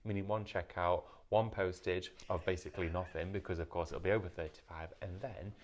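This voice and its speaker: A man's voice: sits low, steady tone, brisk. A man hosting a live craft shopping show, in an upbeat, salesy patter.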